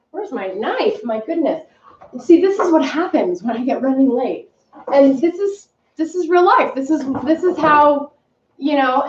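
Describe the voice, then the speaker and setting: A woman's voice: high voice, slight background noise. A woman casually chatting through a live home cooking demo, rambling and scattered as she works in her kitchen. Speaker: cooking vlogger. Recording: roomy, distant, dull mic.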